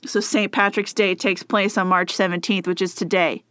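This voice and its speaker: A woman's voice: medium pitch, little pitch movement, normal speed, fairly bright tone, no echo. A woman co-hosting a casual podcast chat, talking in a chatty way and laughing often. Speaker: podcast co-host.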